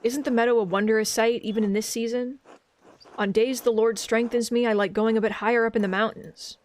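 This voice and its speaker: A woman reading the lines of a grieving elderly father and widower in a game, in a slow, sorrowful storytelling manner. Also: fairly high pitch, fairly even intonation, natural voice. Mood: fond.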